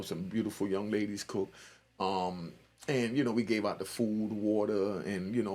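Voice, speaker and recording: A commentary channel host in his 60s speaks at a medium pitch with vocal fry, his tone a little mellow and slightly rough. Over a loose, streetwise livestream he tells stories, repeatedly asking if you follow him with "you know what I mean."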